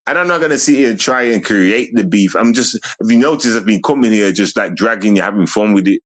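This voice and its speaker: A man's voice: fairly low pitch, expressive, fairly quick. A young man ranting on a casual livestream, mocking and repetitive as he talks to his chat.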